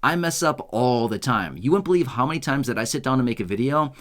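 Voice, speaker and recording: An American man of middle pitch hosts his own unedited video. He rambles, laughs at his own slips and pokes fun at himself. His talk is loose and chatty, like an unscripted upload. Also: animated, quick pace, fairly bright tone. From United States. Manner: rambling, self-mocking, laughs often. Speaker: YouTube host. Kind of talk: casual unscripted vlog.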